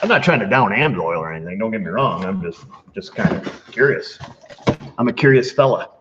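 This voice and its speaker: A man's voice: on the low side, big pitch swings, a little fast. A man hosting a casual mail call in his repair shop, joking and reading letters aloud with asides. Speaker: mechanic and channel host. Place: auto repair shop bay. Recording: dull lo-fi sound with faint noise.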